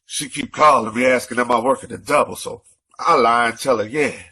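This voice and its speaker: An out-of-breath man in an angry, profane rant, repeating himself and building to shouting. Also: mid-range voice, a little fast, husky. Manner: profane, repetitive, escalating to shouting.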